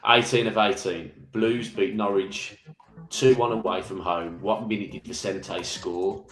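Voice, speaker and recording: Deep-voiced Birmingham man hosting a quiz. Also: fairly even intonation, measured pace, fairly bright tone, reverberant, faint music behind. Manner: reads each question twice, chatty with frequent "mate". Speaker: football phone-in co-host. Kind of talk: casual live-stream chat, reading quiz questions.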